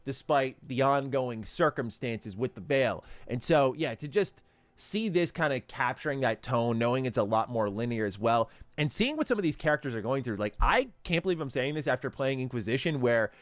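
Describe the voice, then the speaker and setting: Excited guy rambling about a trailer, lots of likes and fillers, dry mic. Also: medium pitch, moderate pace, dry recording. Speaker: gaming commentator. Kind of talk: casual video commentary.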